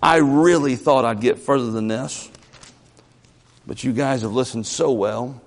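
A man preaching a sermon in a church, lively, often repeating and stumbling over his first words. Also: medium pitch, a little slow. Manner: animated, repeats words, stammers at starts. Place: church sanctuary. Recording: reverberant church hall.

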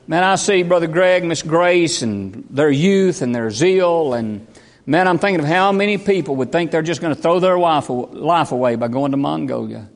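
A man's voice: a little high, animated, normal speed. A man, preaching a fervent, folksy sermon as pastor. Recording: long hall reverb.

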